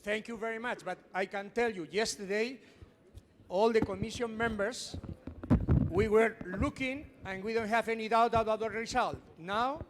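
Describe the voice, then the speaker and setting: A man's voice: high voice, fairly even intonation, normal speed. A man presenting at a seminar, talking earnestly with non-native phrasing and a lot of repetition, to an audience in a large hall. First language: not English. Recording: echoey hall with background noise.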